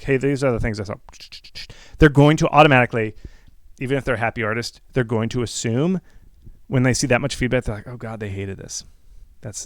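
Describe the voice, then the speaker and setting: A man's voice: mid-range voice, no echo. A man hosting a game-marketing talk, rambling through casual advice with many restarts and acted-out upbeat feedback lines.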